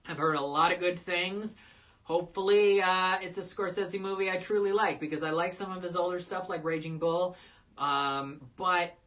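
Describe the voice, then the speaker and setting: Low-voiced woman giving opinionated reviews. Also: steady tone, moderate pace, fairly bright tone. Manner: opinionated, frequent uhs and restarts. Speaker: film critic hosting a live show. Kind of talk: casual live movie review roundup.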